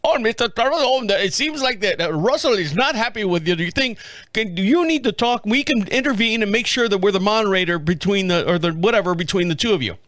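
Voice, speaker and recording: A man's voice: high-pitched, lively intonation, quick pace, fairly bright tone, no room sound, pitched above the performer's own voice. A man putting on an overly formal, hesitant male customer support agent with an Indian accent. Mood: fussy polite.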